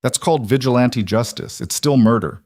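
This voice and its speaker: A man voicing a stubborn frontier town marshal who speaks quietly and firmly. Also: mid-range voice, moderate pace, no room sound, studio quality, close to an everyday voice. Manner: quiet, firm.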